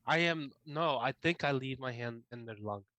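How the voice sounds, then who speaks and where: A man's voice: medium pitch, moderate pace, bright, forceful tone, dry recording. Guy at a d and d table, mid voice, stubborn and pushy, dry sound. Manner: stubborn, insistent. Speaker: player. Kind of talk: playing a tabletop game.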